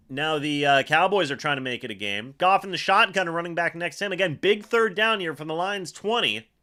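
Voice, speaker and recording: A young man hosting a live fan watch-along, giving play-by-play and reacting excitedly, often repeating himself. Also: a little high, moderate pace. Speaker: fan livestream host calling a football game.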